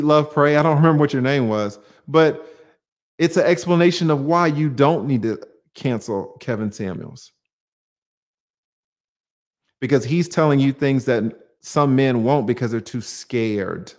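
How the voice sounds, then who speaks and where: Answering viewer comments on his livestream, a medium-pitched male host talks emphatically, tossing out rhetorical questions and casual profanity.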